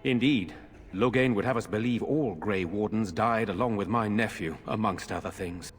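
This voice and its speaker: A grave nobleman from a fantasy game, formal and measured in how he speaks. His voice sits fairly low and carries a long reverb tail, as if spoken in a stone hall. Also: breathy edge, soft background music. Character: grave noble lord, older brother, earnest man. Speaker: video game character.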